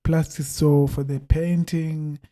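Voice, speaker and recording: Young guy from zimbabwe telling stories on a podcast, kinda high and mellow, acts out the quotes. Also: slow pace, soft background music. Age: young adult. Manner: animated storyteller, acts out quotes loudly, laughs often. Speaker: podcast guest. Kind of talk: casual chat.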